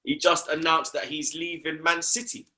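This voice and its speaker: A man's voice: a little high, little pitch movement, moderate pace, sharp tone. A young man, talking football on a casual podcast, slangy and repeating himself for emphasis.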